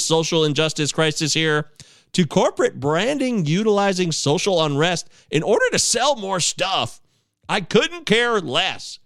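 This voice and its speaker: A man's voice: fairly high pitch, fairly bright tone, dry recording, studio quality. A man hosting a casual podcast, joking with his co-hosts and reading listener emails aloud, stumbling over words now and then. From Michigan. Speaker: podcast host.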